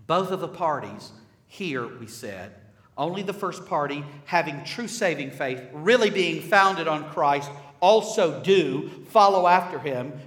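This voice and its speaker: A man's voice: mid-range voice, fairly bright tone. A man preaching a sermon in a church, emphatic and full of rhetorical questions and repeated phrases. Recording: echoey hall with long reverb.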